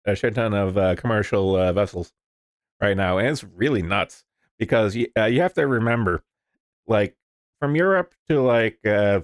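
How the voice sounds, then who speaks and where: A man's voice: on the low side, no room sound, studio quality. A man casually commenting on the news, rambling and swearing, with lots of fillers. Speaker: streamer reading the news.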